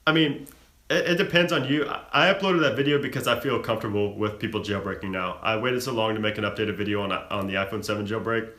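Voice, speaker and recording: A young man hosting a live stream, casually reading and answering viewer questions with a relaxed, chatty manner and plenty of fillers. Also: on the low side, echoey room. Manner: relaxed, chatty, frequent fillers and self-laughs.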